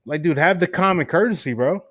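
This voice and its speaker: Easygoing man with a slightly high voice. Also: no echo, clean studio sound. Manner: laid-back, swears casually, acts out customers in quick voices. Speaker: podcast co-host. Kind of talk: casual chat. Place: works at a gas station in New York City.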